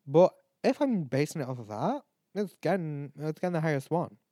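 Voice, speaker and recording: A tipsy male podcast host ranks canned cocktails in casual drunk chat, swearing plenty and laughing at himself as he rambles. His voice is on the high side, very animated and dark in tone, at normal speed in a dry, studio-quality recording.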